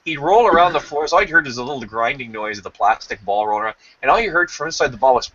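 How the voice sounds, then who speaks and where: Male podcast host telling funny stories, animated and bright. Lo-fi stream. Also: mid-range voice, quick pace, few pauses, a little hiss or hum. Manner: animated, jokey anecdotes, acts out voices. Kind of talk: casual chat, storytelling. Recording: slightly dull lo-fi stream audio.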